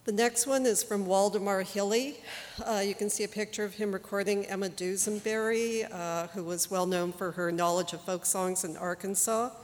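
A woman introducing archive recordings in a relaxed, informal presentation. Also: mid-range voice, moderate pace. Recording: long hall reverb.

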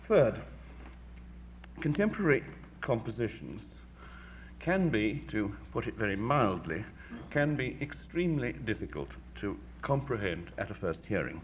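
A man, a music critic, giving a measured, articulate lecture with dry wit. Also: fairly low pitch, sing-song, a little hiss or hum. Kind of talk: formal lecture.

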